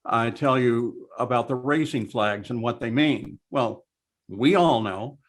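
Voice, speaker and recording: An older man, a veteran race broadcaster, telling lively anecdotes in a casual interview over a video call. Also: medium pitch, a little slow. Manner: storytelling, animated anecdotes.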